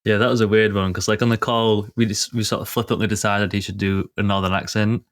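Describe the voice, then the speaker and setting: A man's voice: lowish voice, level tone, fast talker, no room sound, clean studio sound. A man with a Yorkshire accent, a game developer guest chatting loosely on a podcast with lots of fillers. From Yorkshire, England. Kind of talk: casual podcast chat.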